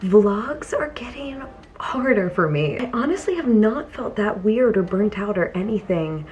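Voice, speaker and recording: A young woman talking casually to camera in a home vlog, chatty and laughing often, her voice sometimes dropping to a soft murmur. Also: medium pitch, animated, a little slow, highs cut off, slight background noise. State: teary from crying. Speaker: vlogger. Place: home, indoors.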